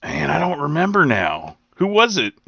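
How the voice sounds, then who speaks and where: A middle-aged man co-hosting a podcast in casual chat, laughing along and answering with quick agreement. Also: fairly high pitch, wildly swooping pitch, creaky, a bit bright, breathy edge, no echo, muffled recording. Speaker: podcast co-host.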